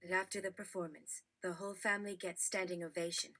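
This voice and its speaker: A woman reading jokes aloud in a brisk, matter-of-fact narrating manner. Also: lowish voice, fairly even intonation, pushed and bright. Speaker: joke reader.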